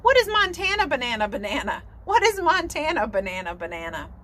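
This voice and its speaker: Woman playing chanting baby swans, high, sing-song, eager. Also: big pitch swings, fairly quick, fairly bright tone, slight background noise. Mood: excited. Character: chorus of excited baby swans, young, chanting.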